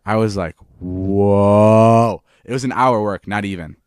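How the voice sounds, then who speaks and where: A man's voice: on the low side, fast talker, dry recording, studio quality. A young man co-hosting a podcast, telling a rambling story in casual chat, repeating words and swearing freely. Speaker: podcast co-host.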